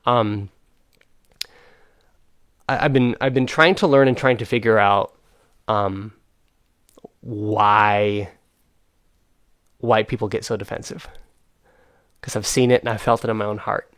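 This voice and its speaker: Brief: young adult male host, earnest and frustrated, halting with fillers, dry close recording. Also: lowish voice, fairly even intonation, a bit bright, smooth, dry recording. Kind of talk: casual chat.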